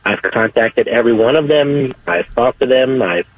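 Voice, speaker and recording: A man calling in to a radio show, earnest and halting, often repeating himself as he gives his testimony. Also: mid-range voice, dry recording. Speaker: caller. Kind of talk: call-in testimony. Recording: dry tinny phone line.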